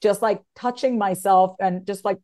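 A woman's voice: mid-range voice, steady tone, moderate pace, a little mellow. A woman talking candidly and emotionally as an author guest in an interview. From United States. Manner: candid and emotional, swings from tearful to laughing.

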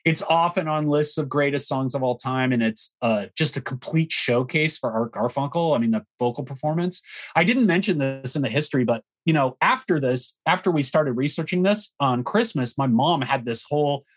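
A man's voice: mid-range voice, animated, normal speed. A man co-hosting a music podcast, talking casually and frankly, with plenty of fillers and blunt opinions. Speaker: podcast co-host. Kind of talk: casual chat about music history.

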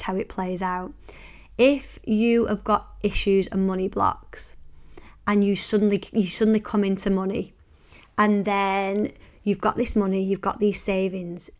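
A woman hosting a motivational podcast, speaking earnestly and encouragingly before easing into a soft, hushed guided visualization. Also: medium pitch. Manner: earnest and encouraging, softening to a hushed, slow delivery. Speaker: podcast host and meditation guide.

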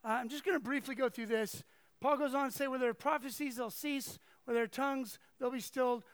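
A man's voice: extremely high pitch, steady tone, brisk, fairly bright tone, smooth, no room sound. A man preaching a sermon to a congregation, speaking conversationally and animatedly, with asides and acted-out quotes. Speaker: pastor.

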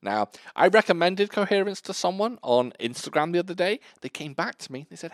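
Man, casual podcast co-host, lively swinging pitch, swears a lot, dry close sound. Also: brisk, hardly any pauses, dry recording. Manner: animated, swearing, laughing easily. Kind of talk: casual chat about films.

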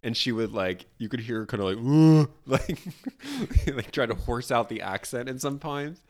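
A man's voice: medium pitch, normal speed. A man co-hosting a casual movie podcast, chatty and full of filler likes, laughing often. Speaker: podcast co-host. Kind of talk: casual movie review chat.

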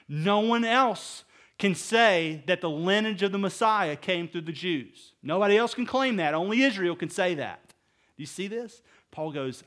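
A middle-aged male pastor preaching a sermon, emphatic, swinging between loud stresses and hushed asides and putting rhetorical questions to his listeners. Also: sits high, lively intonation, normal speed. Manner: asks the audience rhetorical questions.

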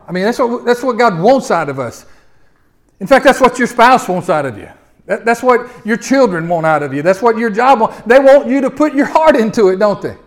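High-voiced preacher, loud and soft by turns. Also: male voice. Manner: swings from loud, emphatic exhortation to low, quiet reflection; repetitive, call-and-response delivery with stutter-starts. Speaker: pastor. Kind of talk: sermon.

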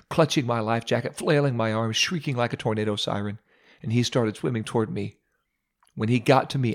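A man hosting a radio devotional, telling a humorous, self-mocking story with dramatic pauses. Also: on the low side.

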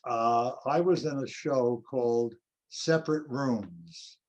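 A man's voice: mid-range voice, lively intonation. Older man telling stage stories. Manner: anecdotal, unhurried storytelling. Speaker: actor guest. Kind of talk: reminiscing interview.

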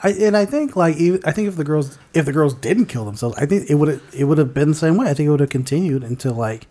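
A man's voice: fairly high pitch, animated, fast, warm tone. Rambling male movie podcast co-host. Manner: rambling, searching for words; swears casually. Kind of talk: casual movie-review chat.

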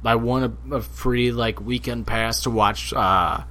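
Young guy on a podcast, bright punchy voice, swears a lot, acts out what people said. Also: mid-range voice, unhurried. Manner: animated, profane, acts out quotes in a loud snarl. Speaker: podcast co-host. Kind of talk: casual storytelling chat.

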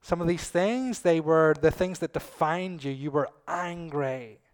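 A middle-aged man preaching a sermon to a congregation, swinging between loud, emphatic lines and soft, low asides. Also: unhurried, clean tone.

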